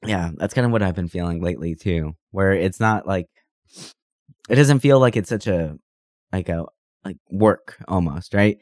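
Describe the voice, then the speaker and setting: A man with a very low voice co-hosts a casual podcast while sick. He rambles enthusiastically with plenty of fillers. The recording is dry and close on a podcast mic. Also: moderate pace, a little mellow, no echo. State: sick, under the weather. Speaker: podcast co-host. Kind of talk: casual chat. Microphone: podcast microphone.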